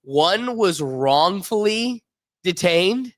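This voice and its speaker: A man's voice: high voice, animated, very slow, dry recording, clean studio sound. A man co-hosting a sports podcast in casual chat, emphatic and acting out little scenes. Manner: emphatic, acts out scenarios. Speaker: podcast co-host.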